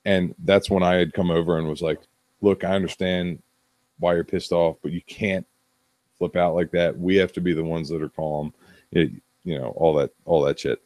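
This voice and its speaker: A man's voice: sits low, level tone, moderate pace, darkish tone, no room sound. A man in his thirties, a podcast co-host telling a blunt, profane story in casual chat. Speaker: podcast co-host, bar manager.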